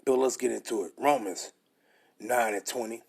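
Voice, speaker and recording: A young man preaching and reading scripture aloud, emphatic and blunt, dropping into a slow, deliberate pace for the verses. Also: medium pitch, gravelly, a little mellow, breathy edge. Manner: emphatic, blunt and profane, slows way down to read verses. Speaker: scripture teacher.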